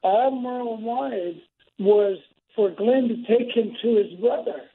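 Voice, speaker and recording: A man's voice: high-pitched, measured pace, a little hiss or hum. Brash man on a tinny phone line. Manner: brash, jokey, argumentative. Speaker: phone-in guest actor. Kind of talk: casual phone interview.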